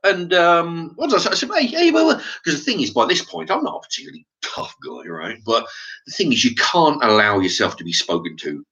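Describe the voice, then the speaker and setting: Animated, swearing man telling a story. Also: fairly high pitch, a little fast, highs cut off. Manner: animated, swears freely, many restarts and repeated "right?". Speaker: vlogger. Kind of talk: casual storytelling monologue.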